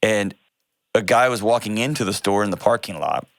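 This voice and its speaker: A man's voice: fairly low pitch, creaky, no room sound, clean studio sound. Earnest man hosting a call-in show. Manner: earnest, direct, with quick self-corrections and animated retellings. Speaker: advice show host. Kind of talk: call-in advice talk.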